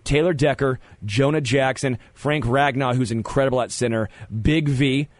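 A man hosting sports talk radio, animated and opinionated, often stammering as he restarts a thought, on a close studio mic. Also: mid-range voice, normal speed, no room sound.

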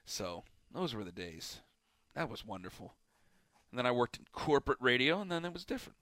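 A man co-hosting a sports radio show, talking in a rambling, self-deprecating way that often trails off into quiet asides. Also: medium pitch, very animated, a little fast, dry recording. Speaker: radio co-host. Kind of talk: casual sports radio banter.

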